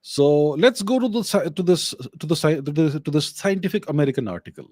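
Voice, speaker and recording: A man's voice: a little high, very animated, brisk, dark tone, no room sound. A middle-aged man with an Indian English accent, hosting a solo Q&A show, explaining with rhetorical questions and thinking aloud. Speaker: host answering viewer questions. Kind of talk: solo Q&A livestream.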